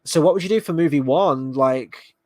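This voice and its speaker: Man, fairly high voice, sarcastic and exasperated, swears a lot, casual reaction talk, dry close sound. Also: normal speed, darkish tone, no room sound. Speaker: fan reaction host.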